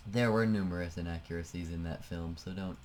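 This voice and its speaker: Chatty low-voiced man thinking aloud. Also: fairly even intonation, brisk, darkish tone, a little hiss or hum. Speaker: let's play host. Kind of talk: casual gameplay commentary.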